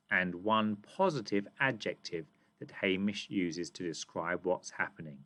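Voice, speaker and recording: Lively British male teacher. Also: lowish voice. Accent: British English. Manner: friendly, questioning, reads lines aloud with emphasis. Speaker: primary school teacher. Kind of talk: reading comprehension lesson for children.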